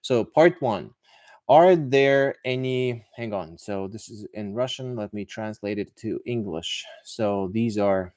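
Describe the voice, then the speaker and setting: A man with a fairly low voice talks through viewer questions on a live-streamed language podcast. He is an English teacher and speaks in a chatty, halting way, with plenty of fillers and false starts. The sound is dry and close. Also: a little mellow, dry recording. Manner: chatty, hesitant, many fillers and restarts.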